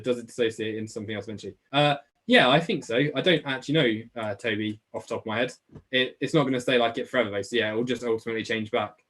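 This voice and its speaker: Casting: young Essex bloke, laid-back online biology tutor, chatty, mid-pitched. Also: male voice. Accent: Essex English. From England. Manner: chatty and informal, lots of "like" and "right?". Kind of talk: casual live webclass, reading and answering chat questions. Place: home room, alone.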